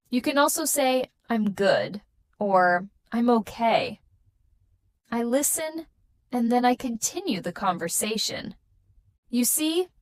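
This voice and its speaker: A young woman teaching a beginner English lesson with slow, clear and encouraging delivery. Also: fairly high pitch.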